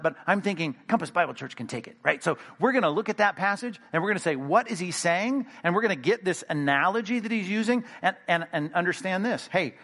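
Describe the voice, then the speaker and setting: A male pastor preaching a sermon in an animated, emphatic way, with sudden loud bursts. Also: sits high.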